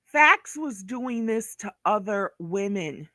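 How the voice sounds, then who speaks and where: Brooklyn woman, unhurried, profane scolding vlog rant, dry close sound. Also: medium pitch, animated, sharp tone, dry recording. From Brooklyn, New York. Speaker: vlogger. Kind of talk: ranting commentary vlog.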